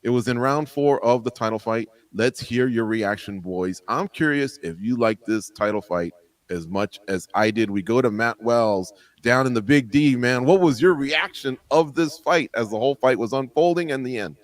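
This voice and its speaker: A playful, upbeat man hosting a show, with a middle-pitched voice. The sound is dry and close, with no room around it. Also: moderate pace, no echo. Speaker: host. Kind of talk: show host introduction.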